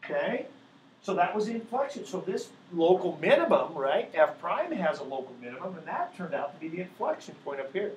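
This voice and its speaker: A man's voice: fairly high pitch, sing-song, brisk. A man teaching a math class, walking patiently through each step and checking in with the students again and again. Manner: keeps checking in with students by asking "right?". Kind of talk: classroom lecture. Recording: echoey classroom with faint background noise.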